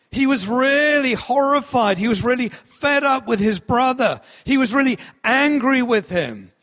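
Male preacher, high voice, unhurried and emphatic, in an echoing hall. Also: a bit bright. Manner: slow, emphatic delivery, acting out cries. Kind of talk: sermon. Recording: long hall reverb.

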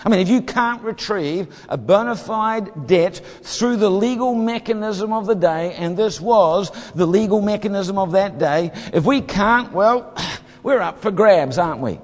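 A man preaching a sermon, reading scripture and explaining it, briefly acting out voices from the story. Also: high voice. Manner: expository, acts out the parable's voices. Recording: hall reverb.

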